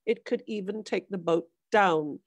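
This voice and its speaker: A woman's voice: mid-range voice, dry recording. Woman reading her novel aloud. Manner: measured, dramatic storytelling. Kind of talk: literary reading.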